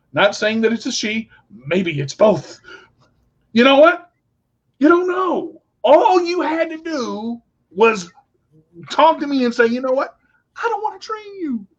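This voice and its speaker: A man co-hosting a casual talk show, telling stories in a blunt, animated way and swearing freely. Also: extremely high pitch. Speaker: podcast co-host. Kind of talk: casual storytelling chat. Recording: dull lo-fi recording.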